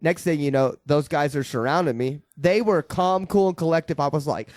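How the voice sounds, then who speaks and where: A man's voice: a little high, normal speed, darkish tone, dry recording, studio quality. A man hosting a podcast, telling profane stories in casual chat with frequent laughter. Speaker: podcast host.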